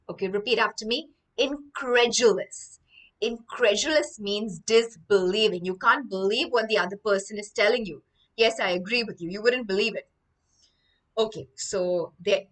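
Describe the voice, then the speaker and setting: A woman's voice: medium pitch, bright, forceful tone, recorded from a distance, low-quality recording. A woman teaching English vocabulary through a story, explaining each line after she reads it.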